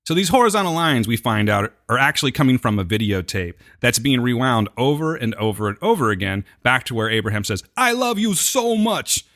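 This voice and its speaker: A man's voice: mid-range voice, fast talker, few pauses. A man co-hosting a podcast, recapping a TV episode in casual chat and acting out the characters' lines. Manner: animated, jokey, acts out quotes. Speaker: podcast co-host.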